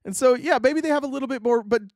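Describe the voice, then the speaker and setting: A man hosting a political commentary stream, sarcastic and animated as he reacts to clips. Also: extremely high pitch, fast talker, no echo, studio quality. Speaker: streamer host.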